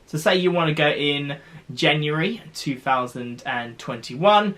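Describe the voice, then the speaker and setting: A man's voice: fairly high pitch, fairly bright tone. A man from the UK vlogging, explaining costs in a chatty, rambling way with restarts. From United Kingdom. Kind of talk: casual explainer to camera.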